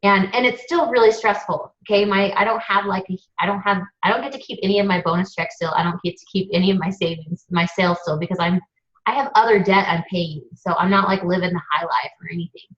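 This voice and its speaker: A woman's voice: mid-range voice, steady tone, fast talker, a bit bright, lo-fi sound. A woman hosting a webinar in a casual, chatty, gushing way. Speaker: webinar host.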